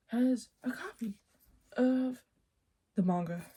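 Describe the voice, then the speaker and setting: Slow, chatty young woman vlogger. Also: mid-range voice, expressive, slightly rough. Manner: playful, rambling, bursts of loud exclamation. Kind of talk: casual chatty vlog.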